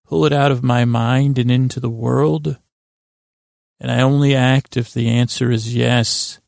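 A man quoting a scheming, smooth-talking male lord in his own measured voice. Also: mid-range voice, steady tone, darkish tone, no echo, clean studio sound.

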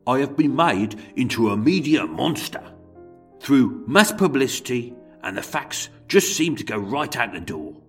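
Brummie accent, vain self-pitying killer, put on by a man, mock-earnest letter reading, very animated. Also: medium pitch. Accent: Birmingham.

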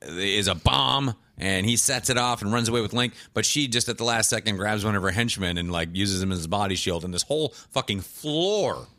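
Podcast host, male, low and bright-toned; rambling, playful storyteller who acts out lines. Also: animated, dry recording. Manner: rambling storyteller, acts out characters in quick asides. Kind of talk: casual chat recapping a TV show.

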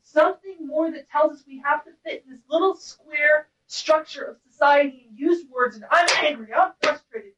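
A woman's voice: high-pitched, moderate pace, few pauses, background noise. A woman teaching a class in an intense, blunt way, breaking now and then into wordless vocal cries. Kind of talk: impassioned lecture to a class. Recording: roomy, distant, dull-sounding recording.

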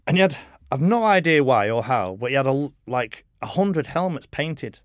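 With a mid-range voice that swings widely in pitch, this middle-aged male racer speaks at a moderate pace during a casual podcast interview. Expect rambling, frank stories, frequent "you know," and free swearing, recorded dry and close with no echo.

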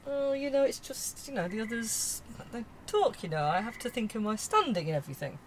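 Prim lady worried about appearances, played by a woman, hushed and hesitant, comedy sketch. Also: on the high side, animated, fairly quick, a little hiss or hum, natural voice. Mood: fretful. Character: prim well-to-do woman anxious about her standing. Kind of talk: comedy podcast drama sketch.

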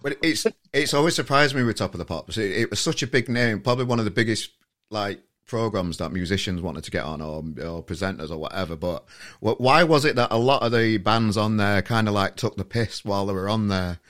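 A man's voice: on the low side, brisk, a bit bright. A man hosting a podcast, chatting casually and eagerly, stumbling over his words and laughing along. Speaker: podcast host. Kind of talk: casual chat.

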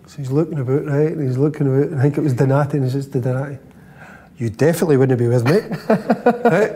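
A man's voice: mid-range voice, quick pace, husky. A man, a former footballer, telling a dressing-room anecdote and checking in with "right?" as he goes. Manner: lively, peppers lines with "right?". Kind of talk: storytelling anecdote.

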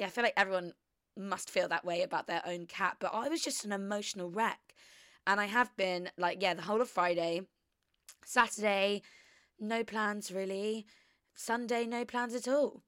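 A woman's voice: medium pitch, moderate pace, fairly bright tone, no room sound, clean studio sound. A young woman, hosting a casual confessional chat, rambling and chatty with lots of fillers. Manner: rambling, chatty, heavy use of "like". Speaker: podcast host.

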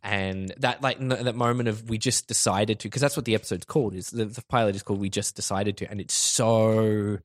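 A man's voice: lowish voice, fairly even intonation, a little fast, hardly any pauses, no echo, studio quality. A man in casual chat on a podcast, earnestly sharing film moments and teasing his co-hosts. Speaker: podcast co-host.

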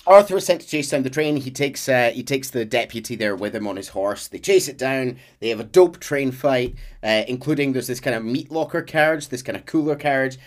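A man's voice: mid-range voice, lively intonation, fairly quick, hardly any pauses. A man retells a story to friends on a podcast. His delivery is loose and chatty, full of ums, restarts and asides. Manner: rambling storyteller, many ums and restarts, slips into quoted voices. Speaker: podcast host recounting a game's story. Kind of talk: casual chat.

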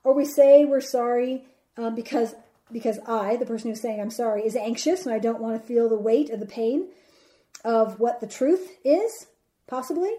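A woman hosting a solo podcast, talking earnestly with many pauses, fillers and restarts. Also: on the high side, dark tone. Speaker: podcast host. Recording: roomy echoey sound.

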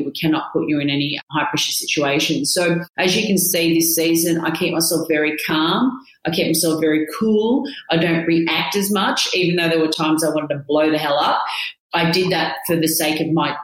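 Low-voiced chatty woman in an echoey room. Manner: animated storyteller, laughs often. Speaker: podcast co-host. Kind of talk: casual chat.

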